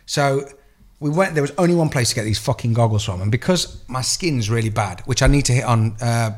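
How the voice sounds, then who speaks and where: An English man in his thirties, co-hosting a podcast and telling an animated, profane story in casual chat. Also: medium pitch, brisk. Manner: swears a lot, animated storytelling. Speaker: podcast co-host.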